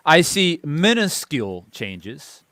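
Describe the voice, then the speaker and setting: A man's voice: a little high, very animated, slow, pushed and bright, dry recording. A man hosting a boxing channel, delivering a heated opinion monologue and repeating phrases for emphasis.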